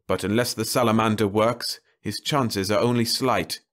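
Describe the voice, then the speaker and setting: A man's voice: fairly low pitch, fairly even intonation, moderate pace, fairly bright tone, lightly acted. A male narrator voicing a middle-aged doctor in a fantasy audiobook, clipped and matter-of-fact. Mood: clinical.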